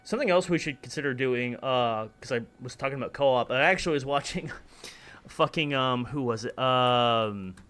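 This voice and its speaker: A man chatting casually while playing a video game, relaxed and rambling, with plenty of swearing. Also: mid-range voice, normal speed, clear, resonant tone. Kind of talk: casual gameplay chat.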